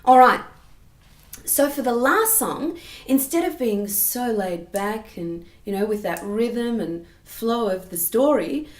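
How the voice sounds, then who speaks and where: A woman singing teacher explaining vocal technique patiently and clearly, often checking in with the listener. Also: sits high, darkish tone. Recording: roomy echo.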